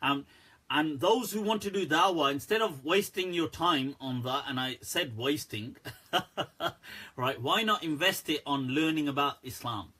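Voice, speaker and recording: Animated, husky man answering questions. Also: on the high side, a little slow. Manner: candid, animated, laughs often. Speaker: Islamic scholar answering viewer questions. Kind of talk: live Q&A stream.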